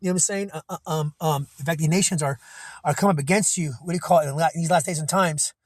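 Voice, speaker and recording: A man giving an informal scripture breakdown on a cell phone, rambling and profane with many restarts, reading verses slowly. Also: fairly high pitch, dry recording. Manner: reads verses slowly in old-style diction. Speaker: self-taught scripture teacher.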